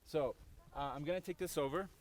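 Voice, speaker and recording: A young man from Mexico hosts outdoors by a mountain lake, talking casually in a halting, self-correcting, apologetic way. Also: fairly high pitch, crowd noise. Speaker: host cooking for locals. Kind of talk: casual on-location talk. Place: outdoors by a high-altitude lake.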